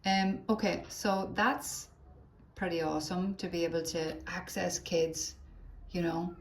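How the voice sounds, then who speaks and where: A woman's voice: fairly low pitch, fairly even intonation, measured pace, creaky. Chatty woman demoing on a phone, echoey room. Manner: chatty, thinks aloud while tapping through steps. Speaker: teacher trainer. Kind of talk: live phone demo tutorial.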